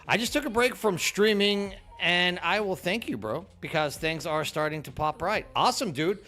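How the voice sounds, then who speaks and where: A man's voice: sits high, normal speed, pushed and bright. A middle-aged man from Texas, chatting casually with viewers on a game stream, friendly and full of "dude", often repeating words as he goes. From Texas, USA.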